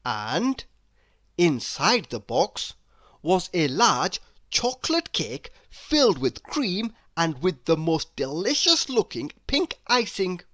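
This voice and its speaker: Woman narrating a kids' story, slow, very animated pitch swings. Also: dry recording. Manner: expressive, animated reading with slow pacing. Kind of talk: children's story read-aloud.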